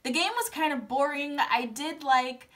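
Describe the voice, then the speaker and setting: A young woman with a high, slightly bright voice recaps a reality TV episode at a measured pace. The recap vlogger stays casual, chatty and dramatic, performing her reactions through playful quoted lines and dramatic asides.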